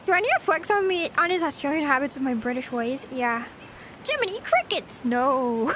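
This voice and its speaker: Young woman streamer, super high squeaky voice, bouncy and giggly, rambling chat w viewers. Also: a bit bright, a little hiss or hum.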